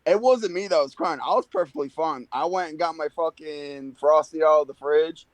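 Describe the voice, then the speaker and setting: Brash young man, slightly high, dry sound. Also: normal speed, no echo. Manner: brash, profane, joking. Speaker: podcast co-host. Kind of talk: casual chat.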